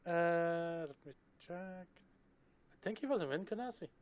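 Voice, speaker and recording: A man running a tabletop game session, casual and hesitant, muttering quiet asides as he checks his notes. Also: on the high side, lively intonation, a little slow, clear, resonant tone. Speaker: game master.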